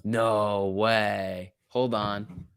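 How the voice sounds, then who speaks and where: A young man hosting a casual stock-market livestream, chatty and excitable, reading chat messages aloud. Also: lowish voice, very slow, clean tone, no echo, studio quality.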